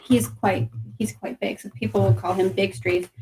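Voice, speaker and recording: A woman's voice: medium pitch, steady tone, warm tone. Modest young woman from Northeast Ohio. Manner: modest, laughs easily, halting. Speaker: youth ministry leader, guest. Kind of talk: casual chat.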